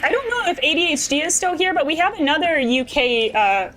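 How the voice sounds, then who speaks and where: A woman's voice: high-pitched, animated, a little fast, background noise. A young woman streaming a game, chatting casually with her viewers and laughing often. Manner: bubbly, chatty, laughs often, talks to chat. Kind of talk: casual gameplay chat.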